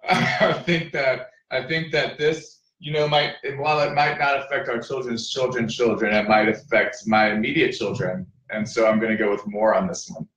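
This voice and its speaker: A male guest joins a comedy podcast over a remote call and rambles freely with plenty of fillers. His voice is mid-pitched. It comes from a roomy space, set back from the mic. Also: fairly even intonation, moderate pace, a bit bright, distant mic. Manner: rambling, filler-heavy talk. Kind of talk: jokey comedy podcast chat.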